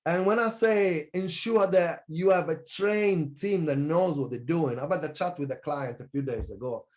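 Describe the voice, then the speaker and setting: Guy hyping his amazon course, fired up and passionate, voice kinda high. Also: moderate pace. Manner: energetic, passionate, competitive, self-correcting. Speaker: online business coach. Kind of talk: sales pitch presentation.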